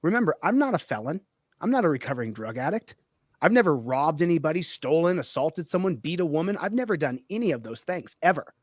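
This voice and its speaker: High-voiced guy on an angry rant, dead dry sound. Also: very animated, fast talker, no room sound. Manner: indignant, ranting. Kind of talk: indignant monologue.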